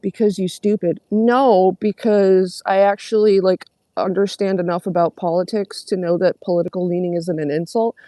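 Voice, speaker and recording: Young woman streamer, sarcastic and profane, dark mellow tone, dry close sound. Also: fairly low pitch, steady tone, moderate pace, few pauses, dry recording. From Canada. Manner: sarcastic, profane, mocking commenters. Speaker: livestreamer. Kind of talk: casual livestream chat reading comments.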